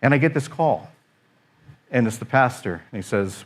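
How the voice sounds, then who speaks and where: A man's voice: mid-range voice, lively intonation, moderate pace. A middle-aged man, a pastor, telling a personal story in a sermon, acting out his own exasperated thoughts.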